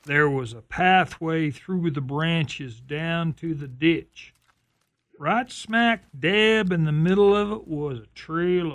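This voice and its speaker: A man narrating a drama in a slow storytelling style. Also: a little high, a bit bright.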